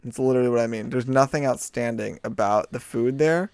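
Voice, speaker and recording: A man's voice: medium pitch, brisk, darkish tone, no echo. Laughing podcast guy telling stories. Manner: dramatic exaggeration, frequent laughter. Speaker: podcast co-host. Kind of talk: casual chat.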